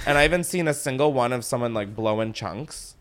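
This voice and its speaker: A man's voice: mid-range voice, fairly quick, fairly bright tone. A man hosting a podcast in loose, playful chat, laughing often and going off on silly bits. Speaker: podcast host. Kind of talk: reads a sponsor ad.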